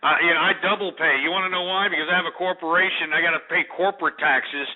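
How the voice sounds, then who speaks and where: A man's voice: on the high side, fairly even intonation, fast talker. A man hosting a call-in radio show, ranting brashly and insulting his callers. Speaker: radio talk show host. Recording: narrow phone-like radio audio.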